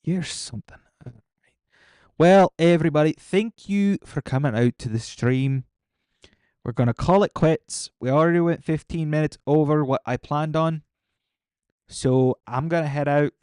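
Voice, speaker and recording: A man's voice: a little high, moderate pace, darkish tone, clean tone, no echo, studio quality. A young man streaming a game, rambling casually and answering his chat as he signs off. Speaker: gaming streamer.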